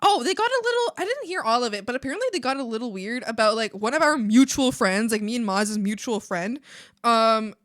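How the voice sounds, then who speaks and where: A woman streamer chatting casually while she draws, animated and swearing freely, breaking into laughs and shouts. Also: on the high side, fairly quick, no echo, clean studio sound.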